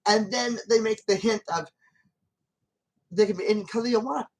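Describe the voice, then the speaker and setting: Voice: mid-range voice, fairly even intonation, moderate pace, poor audio. A channel host talking through a film scene in loose, casual commentary. The delivery rambles and circles back, with frequent false starts, and it turns emphatic when arguing with the character. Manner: rambling and repetitive, with many restarts.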